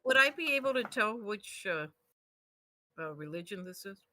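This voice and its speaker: A woman's voice: mid-range voice, animated, moderate pace, bright, forceful tone. A woman playing a tabletop game, asking questions and giggling between lines. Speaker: player.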